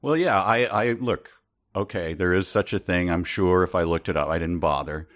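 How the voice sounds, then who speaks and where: Low-voiced dry man. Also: normal speed, fairly bright tone. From Minnesota. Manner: dry, wry jokes. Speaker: podcast co-host. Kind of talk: casual comedic book discussion.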